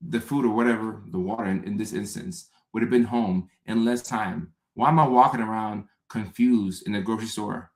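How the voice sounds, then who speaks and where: A man's voice: mid-range voice, fairly bright tone. A man hosting his own show, talking casually to his audience in a rambling way, repeating himself and making self-mocking asides. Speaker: show host. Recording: roomy echoey room.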